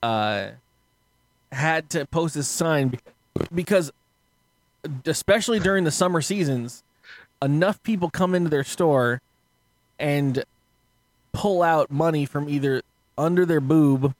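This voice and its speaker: Fast, profane man on a podcast. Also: on the high side, no echo. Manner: animated, swears a lot, laughs often. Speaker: podcast co-host. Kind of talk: casual profane chat.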